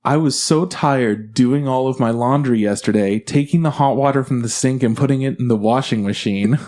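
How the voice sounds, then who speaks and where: Young male podcast co-host, casual, profane, lively storyteller who acts out the voices. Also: mid-range voice, normal speed. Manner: animated, swearing, acts out quoted voices.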